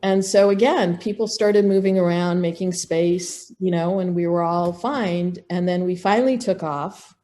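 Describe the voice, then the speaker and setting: A middle-aged woman, a podcast guest, telling a personal story in a lively way with restarts. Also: fairly low pitch, normal speed, few pauses. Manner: animated, acts out quoted dialogue, frequent restarts. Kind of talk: casual storytelling in an interview.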